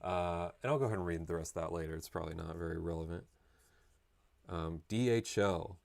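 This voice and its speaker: A man's voice: low-pitched, fairly quick, creaky, darkish tone. A man chatting casually and rambling with jokes while painting live on a stream. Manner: rambling, joking, self-interrupting.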